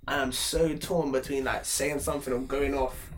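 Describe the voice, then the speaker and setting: A young man, telling an animated story in a casual podcast chat. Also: mid-range voice, moderate pace, slight background noise. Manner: animated storytelling, acts out quotes. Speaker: podcast co-host. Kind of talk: casual chat among friends.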